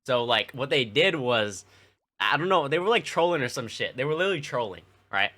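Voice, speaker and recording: A young man with a mid-range, sing-song voice talks briskly and with a sharp edge. He's casually rambling through childhood stories for his stream chat, swearing freely and leaning on lots of fillers.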